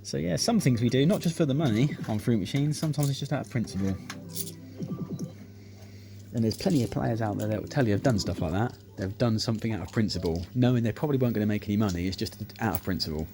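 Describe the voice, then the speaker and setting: A man telling sweary, animated anecdotes while playing a slot machine, acting out what people said. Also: on the low side, fast talker, vocal fry. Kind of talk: casual storytelling over gameplay. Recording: music playing behind the voice.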